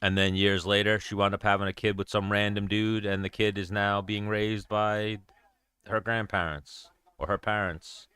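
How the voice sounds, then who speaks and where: Blunt, profane man with a deep voice. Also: little pitch movement, moderate pace, sharp tone, clear, resonant tone, no echo. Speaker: show host. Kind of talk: casual livestream chat.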